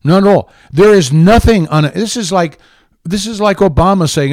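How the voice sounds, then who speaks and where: A man's voice: sits high, animated, moderate pace, a little mellow, no echo. A man hosting a political talk show, ranting with heated, indignant sarcasm. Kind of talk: angry political commentary.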